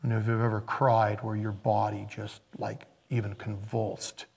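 A man preaching a sermon as a pastor, in a conversational way that swings between emphatic bursts and hushed, quiet asides. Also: on the low side, flat delivery, a little slow, creaky, husky.

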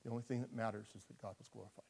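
A man preaching a sermon in a conversational, humorous style, animated and quick to laugh at himself. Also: fairly low pitch, creaky, breathy edge.

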